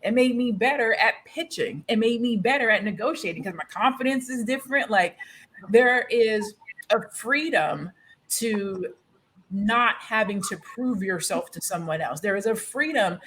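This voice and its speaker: A woman's voice: mid-range voice, expressive, moderate pace, fairly bright tone, slight background noise, rough recording. A woman on a discussion panel, speaking earnestly and building her points through repeated phrases. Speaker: panel guest. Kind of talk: casual panel chat.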